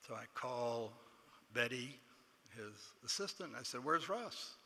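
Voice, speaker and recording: An older Texan-accented man tells a self-deprecating story while accepting an award, voicing others' dialogue along the way. He speaks a little slowly, with a medium-pitched, steady, bright and forceful voice. Long reverb from a large banquet hall and faint room noise are audible.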